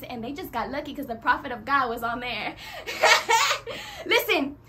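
A woman preaching a sermon, animated and acting out quoted voices as she addresses the congregation. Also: high voice, a little hiss or hum.

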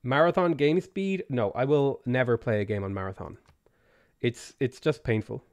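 A man streaming a game, casually greeting viewers by name and giving quick offhand answers to their questions. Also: mid-range voice. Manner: greets chat viewers by name between game setup remarks. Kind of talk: casual live-stream chat.

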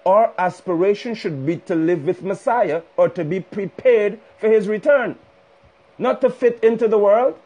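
A male preacher delivers a fiery, rebuking sermon over a phone livestream. His voice sits high and carries a husky edge. He drives each point home by repeating it with force. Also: normal speed, dull audio. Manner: fiery, rebuking, emphatic repetition.

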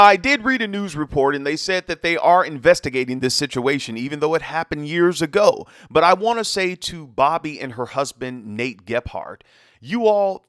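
A man's voice: high voice, a bit bright, no echo, clean studio sound. A man hosting an opinion commentary vlog, talking emphatically and straight to his viewers. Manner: emphatic, direct address to viewers. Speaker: online commentary host.

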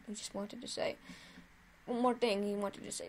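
A woman hosting her own gaming video, giving chatty, excitable live commentary while she plays and cheering at her wins. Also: mid-range voice, normal speed, a little hiss or hum.

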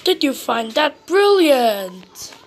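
A woman's voice: high-pitched, big pitch swings, slow pace, exaggerated voice. A woman voicing a cheerful, scatterbrained little girl from a children's storybook who is always full of ideas. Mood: eager. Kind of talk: storybook read-aloud.

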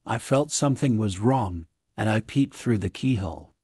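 A man reading a classic story aloud as scripted narration for English learners, in a clear, even way. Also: lowish voice, normal speed, few pauses, dry recording, clean studio sound.

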